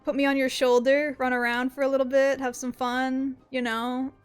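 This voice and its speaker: A young woman streaming a game, chatting casually, excitable and playful, swearing often. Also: high voice, moderate pace, smooth, faint music behind. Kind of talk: casual gaming commentary.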